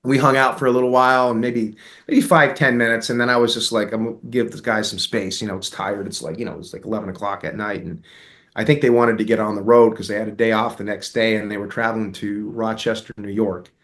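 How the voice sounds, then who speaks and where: A middle-aged American man, an interview guest, telling a long story in a relaxed, rambling way, with many fillers and quoted dialogue. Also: fairly low pitch, fast.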